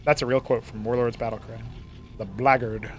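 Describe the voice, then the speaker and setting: This solo strategy-game commentary comes from a young male esports caster at medium pitch, his intonation fairly even, with faint music in the background. His style is talkative and playful: he makes quick asides and laughs at his own jokes.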